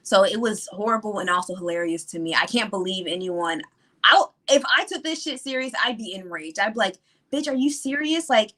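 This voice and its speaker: A woman guest on a live stream, talking in a scornful, quick, profane way. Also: mid-range voice, expressive, bright, forceful tone. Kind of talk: casual political chat.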